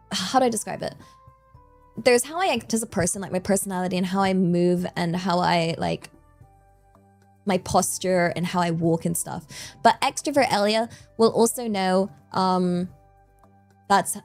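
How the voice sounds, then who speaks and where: A woman streamer chatting casually and animatedly with her viewers, giggly and self-mocking, over faint music. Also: medium pitch.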